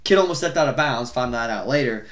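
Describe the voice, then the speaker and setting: A young adult man co-hosting a podcast, chatting casually about sports in a rambling, swearing, animated way. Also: medium pitch, fast. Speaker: podcast co-host.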